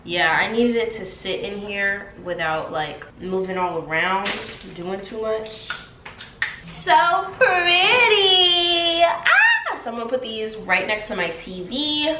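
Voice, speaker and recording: Slow, sassy young woman in a roomy echo. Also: mid-range voice, bright, forceful tone. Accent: put-on British. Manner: chatty, sassy, slow and drawn out. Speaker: vlogger. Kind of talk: casual vlog chat. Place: her home, indoors. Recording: roomy echo, faint room noise.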